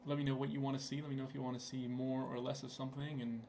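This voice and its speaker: Rapid-fire and level in tone, this young man's mid-range voice has a dark quality. He hosts a gaming channel and rambles casually over his gameplay at his computer, relaxed and filler-heavy, with slight background noise in the recording.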